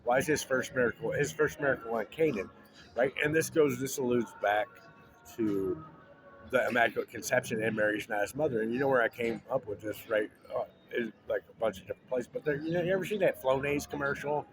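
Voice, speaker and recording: A man's voice: mid-range voice, brisk, music in the background. A man in a rambling, joking casual monologue, full of restarts and asides to the listener.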